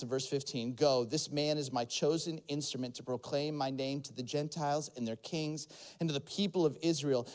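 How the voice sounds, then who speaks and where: Guy preaching, storytelling hard, does the voices, gets loud at the big parts, kinda high voice. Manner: animated storyteller, acts out characters, builds to shouted climaxes. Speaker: pastor. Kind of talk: sermon storytelling.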